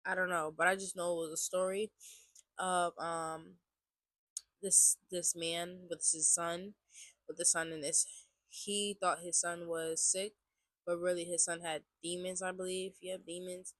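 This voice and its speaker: A woman's voice: fairly low pitch, level tone, unhurried, fairly bright tone, no room sound. Young woman, congested voice, rambling personal story to camera, dry close sound. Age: 20s. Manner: rambling, repeats phrases, many likes. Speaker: vlogger sharing a testimony. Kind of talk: casual personal testimony to camera.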